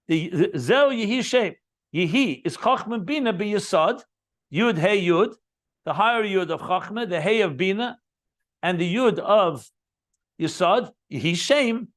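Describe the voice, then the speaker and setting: A man leads a text study lesson, explaining each line and repeating key terms. His voice sits high, and he adds eager asides as he goes. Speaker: Chassidus teacher.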